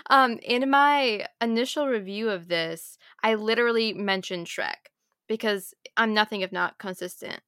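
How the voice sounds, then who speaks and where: A woman's voice: mid-range voice, unhurried, fairly bright tone, clean tone, no room sound, clean studio sound. An American woman co-hosting a podcast, chatting casually about books in a rambling, giggly way. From United States. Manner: rambling, self-interrupting, giggly. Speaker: podcast co-host. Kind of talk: casual book chat.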